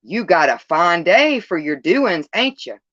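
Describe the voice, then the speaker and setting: A woman's voice: on the low side, big pitch swings, a little slow, fairly bright tone, no room sound, muffled recording, exaggerated voice. A woman voicing a grave old male shepherd with rustic country speech and solemn warnings, in a storybook reading. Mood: folksy.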